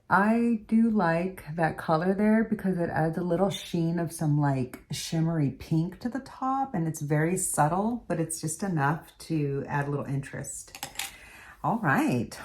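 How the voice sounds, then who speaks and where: Low-voiced chatty woman vlogger. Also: a little mellow. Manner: chatty, talks while doing makeup. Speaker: beauty vlogger. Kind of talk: chatty makeup tutorial.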